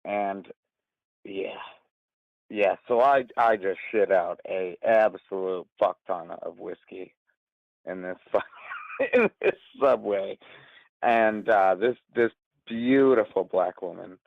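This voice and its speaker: A man's voice: low-pitched, slow, gravelly, long pauses, no echo. A man in his twenties calling in to a show, rambling through a story with lots of swearing and laughter. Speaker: caller. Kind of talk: casual storytelling. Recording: tinny phone line.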